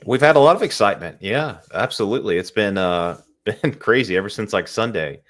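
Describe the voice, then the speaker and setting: A man's voice: on the low side, lively intonation, a little fast, a bit bright. A man co-hosting a casual live stream, laid-back and trailing off with fillers. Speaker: co-host of a movie watch party stream.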